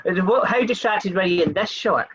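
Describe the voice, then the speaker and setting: A man's voice: sits high, animated, moderate pace, fairly bright tone, highs cut off, a little hiss or hum. A man hosting a casual interview over a video call, asking questions hesitantly with frequent restarts. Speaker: host.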